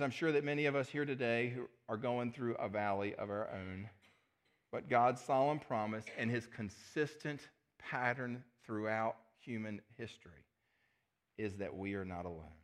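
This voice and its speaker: A middle-aged male pastor preaching a sermon, earnest, often dropping his voice to a hush on key words. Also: fairly low pitch, measured pace. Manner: earnest, drops to a soft hush on key phrases.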